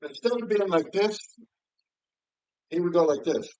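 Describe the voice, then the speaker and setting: A vlogger storyteller in his 50s rambles through neighborhood stories casually and profanely, with frequent restarts and asides. His voice is high-pitched, expressive, and darkish in tone, unhurried, and recorded with no echo.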